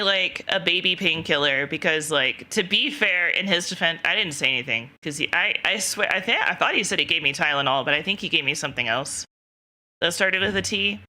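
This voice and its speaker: A woman's voice: fairly low pitch, pushed and bright. A young woman streamer casually telling a rambling story to her chat, laughing often and quoting herself. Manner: giggly, rambling, lots of self-quoting.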